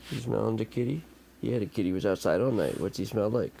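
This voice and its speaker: A man at home cooing sing-song baby talk to his pets, his voice swooping high. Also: quick pace, vocal fry, dark tone, slight background noise. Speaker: pet owner.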